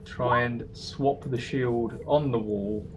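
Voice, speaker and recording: A man player asking questions in a hesitant, unhurried way. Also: mid-range voice, fairly even intonation, very noisy. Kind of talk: casual chat.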